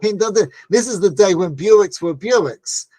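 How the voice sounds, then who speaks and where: This man teaches a Torah class in a high-pitched, mellow voice with lively intonation, taking his time. He tells stories conversationally, often tossing in "right?" and acting out the voices of the people he quotes.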